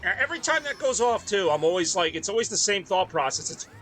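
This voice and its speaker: Young male streamer, rambling chatter over gameplay, raised pitch, bright tense tone. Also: big pitch swings, quick pace. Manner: rambling, chatty, reads chat aloud. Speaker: game streamer. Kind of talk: casual rambling chat while gaming.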